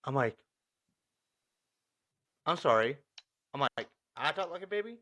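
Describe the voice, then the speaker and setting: Animated bright-voiced man telling stories. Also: fairly high pitch, a little slow. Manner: animated, laughing, acts out dialogue. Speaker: podcast co-host. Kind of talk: casual storytelling chat.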